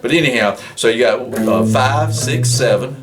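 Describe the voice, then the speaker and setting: A man's voice: medium pitch, normal speed. A man teaching guitar in a casual, rambling, folksy way, counting frets and often restarting his sentences. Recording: guitar loud behind voice. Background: guitar playing.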